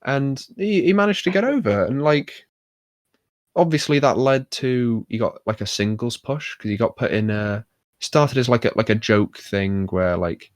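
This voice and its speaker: A man's voice: medium pitch, normal speed, no echo. A young man hosting a casual podcast, talking in a rambling, wry way full of fillers. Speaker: podcast host. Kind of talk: casual chat about wrestling.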